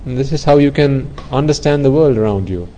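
A man with a warm, mellow voice gives an earnest Buddhist dharma talk. He explains his points with everyday examples, restarting and repeating phrases as he goes. His pitch sits at an ordinary middle level for a man. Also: expressive, brisk, rough recording. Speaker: Buddhist teacher.

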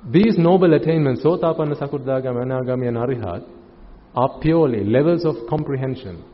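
Buddhist monk preaching, echoing hall. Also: male voice, medium pitch, fast talker. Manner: calm, questioning, uses rhetorical questions. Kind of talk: sermon. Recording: muffled, with long hall reverb.

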